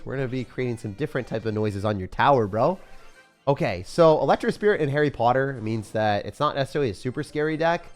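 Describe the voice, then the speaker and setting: A man giving casual, excitable live commentary on his own gameplay, using slang and laughing often. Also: medium pitch. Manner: excitable, swings from mutters to shouts. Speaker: gaming commentator.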